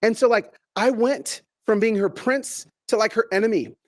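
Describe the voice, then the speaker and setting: Addressing a virtual audience, this middle-aged man delivers an inspirational keynote in a voice pitched slightly above the typical male range. He's animated and chatty, often starting phrases over and doubling up words. Key words get slowed down and stretched, one by one, for emphasis.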